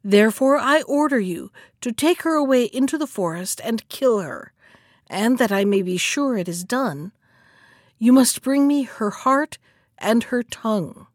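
A woman's voice: on the high side, expressive, a little slow, dry recording, studio quality. A woman playing a furious cruel king. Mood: stern. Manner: stern, commanding. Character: angry suspicious male king, cruel.

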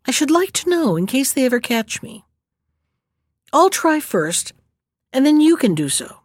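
A woman's voice: high-pitched, sing-song, measured pace, no echo, clean studio sound, pitched above the performer's own voice. A woman voicing a cunning young male thief in a read-aloud storybook, speaking in a mocking, gleeful way. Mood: scheming.

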